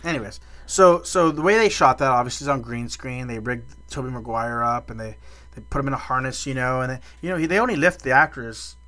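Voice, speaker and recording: Bright-voiced man telling rambling stories. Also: mid-range voice, lively intonation, a little fast. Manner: rambling storyteller, lots of restarts and fillers. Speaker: podcast co-host. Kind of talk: casual chat.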